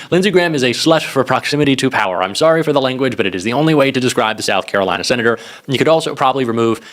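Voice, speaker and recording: A man's voice: mid-range voice, fairly bright tone. Scornful male political commentator. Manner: sarcastic, scornful. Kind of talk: news commentary.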